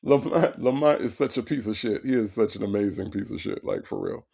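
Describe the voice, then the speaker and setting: A man hosting a casual comedic commentary, animated and talking back to his chat. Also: on the low side, brisk, creaky, breathy edge. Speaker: commentary host.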